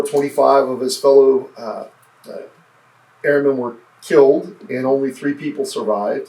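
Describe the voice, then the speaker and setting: Interview guest, male, mid-pitched and gravelly, sincere and thoughtful, roomy off-mic sound. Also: a little mellow, distant mic. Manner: earnest, reflective, halting restarts. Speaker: podcast guest, former state senate candidate. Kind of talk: casual interview conversation.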